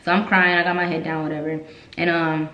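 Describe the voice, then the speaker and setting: A woman recounts her own story in a candid, heartfelt rush. Her voice sits on the low side and the room around her rings with echo. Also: level tone, fast talker, sharp tone, muffled recording. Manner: emotional, candid, repeats herself when upset. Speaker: vlogger telling her army story. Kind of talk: casual storytelling vlog. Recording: echoey room.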